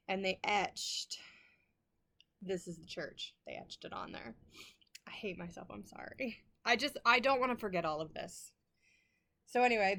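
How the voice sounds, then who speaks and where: A woman's voice: medium pitch, fairly bright tone. A middle-aged woman chatting to camera as a vlog host, rambling, apologizing and laughing often, emotional and close to tears. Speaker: flosstube host. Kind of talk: casual chat to camera.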